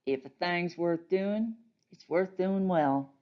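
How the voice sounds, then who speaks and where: A woman voicing a bossy, cheerful old countrywoman who scolds in a brisk, folksy way, in a storybook reading. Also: fairly low pitch, muffled recording.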